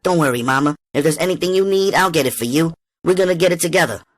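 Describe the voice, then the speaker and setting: A man's voice: mid-range voice, normal speed, fairly bright tone, no room sound, pitched above the performer's own voice, lightly acted. A man voicing a spoiled, brash teenage girl in an audiobook reading, slangy and upbeat. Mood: brash, coaxing.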